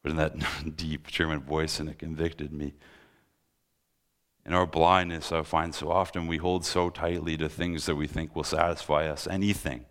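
Very deep-voiced young man preaching. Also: flat delivery, moderate pace, a bit bright. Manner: earnest, rising to impassioned pleading. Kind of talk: sermon.

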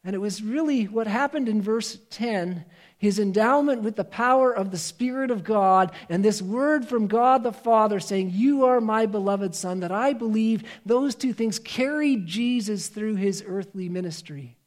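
Male preacher with a high voice, earnest and emphatic, swings between loud and hushed. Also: unhurried. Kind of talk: sermon.

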